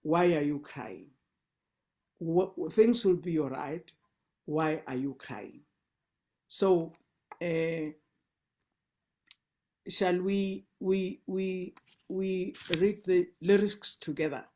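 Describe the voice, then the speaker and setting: Slow-speaking South African woman teaching. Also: lowish voice, a little mellow. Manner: patient, explains slowly with restarts and repeats words syllable by syllable. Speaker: song leader. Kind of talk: teaching a song's words and pronunciation. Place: indoors, online sing-along session.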